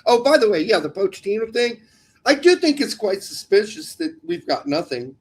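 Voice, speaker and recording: A man's voice: sits high, big pitch swings, moderate pace, husky. A man co-hosting a soccer podcast in a casual, joking chat, teasing his co-host about pronunciations.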